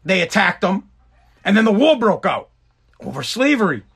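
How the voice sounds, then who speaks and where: A man from the United States delivers an exasperated, profanity-heavy rant straight to camera. His voice sits high for a man, and he repeats words as he pushes his point. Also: sing-song, normal speed, fairly bright tone, breathy edge. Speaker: vlogger. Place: Boston.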